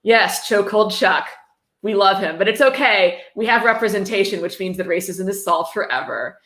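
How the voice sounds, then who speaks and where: A woman reads a book aloud on a stream and keeps stopping to mock it with dry sarcasm. Her pitch is middling, and the room around her is echoey. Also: expressive, moderate pace, a bit bright. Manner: sarcastic, mocking asides. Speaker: livestreamer reading a book aloud. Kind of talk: sarcastic dramatic reading with commentary. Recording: roomy echo.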